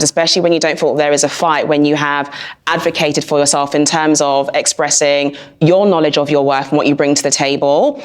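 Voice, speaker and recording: A woman co-hosting a podcast, speaking in an earnest, articulate way in a casual discussion. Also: low voice. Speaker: podcast co-host.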